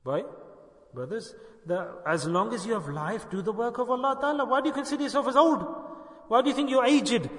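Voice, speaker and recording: A man's voice: very high voice, fairly quick. An older man, a shaykh leading a dhikr gathering, giving an informal sermon and keeps putting questions to his listeners with light humor. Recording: echoey hall with long reverb.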